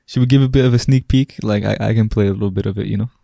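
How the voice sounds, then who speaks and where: This young Italian man, a native speaker of Italian, co-hosts a podcast and trades laid-back, teasing banter in casual chat, peppering his talk with "bro." His fairly low voice holds a steady, mellow tone with vocal fry, and he races along in clean studio sound with no echo.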